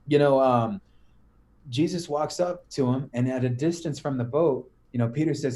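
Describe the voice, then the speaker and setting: A man's voice: mid-range voice, moderate pace. A man who is a podcast guest, telling a story as a casual, slang-heavy pep talk. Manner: slangy, animated, says "bro" and "right?" often.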